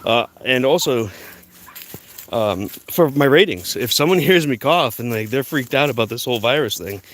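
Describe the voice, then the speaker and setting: A young man talking to his phone camera while walking outdoors, rambling with lots of fillers and restarts. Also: mid-range voice. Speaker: vlogger. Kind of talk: walk-and-talk vlog.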